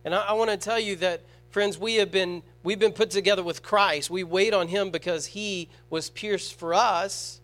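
Male preacher, high voice; sermon delivery that jumps between loud stressed words and soft, slow scripture reading, with frequent rhetorical questions. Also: steady tone. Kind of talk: sermon to a congregation.

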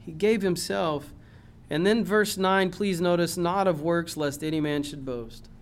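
High-pitched impassioned preaching man. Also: measured pace, slight background noise. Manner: impassioned preaching with swings from loud to low. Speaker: pastor. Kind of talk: sermon. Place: church.

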